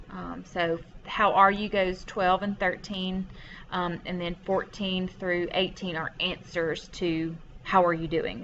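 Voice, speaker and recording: A woman teacher walks through a vocabulary list at a patient pace and fills her pauses with ums. Her voice is bright and a little low, and it comes through a dull lo-fi home recording with faint background hiss. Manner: patient, explains step by step with many ums. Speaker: French teacher. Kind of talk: recorded classroom lesson over a screen share.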